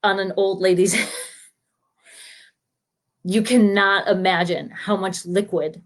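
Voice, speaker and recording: A woman telling comic personal stories live from home, animated and laughing often as she acts out what people said. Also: medium pitch, takes it slowly. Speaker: storyteller. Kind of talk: spontaneous comic storytelling.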